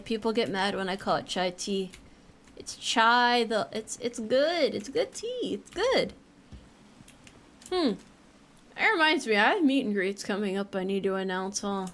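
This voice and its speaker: A woman's voice: medium pitch, fairly bright tone. A young woman streaming a game, chatting casually with a playful, joking manner and casual swearing. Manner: playful, jokey, swears casually while playing.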